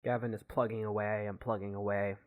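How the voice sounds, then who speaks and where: Low-voiced man narrating a tabletop game. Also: flat delivery, narrow, tinny audio. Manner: halting, with frequent fillers. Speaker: game master.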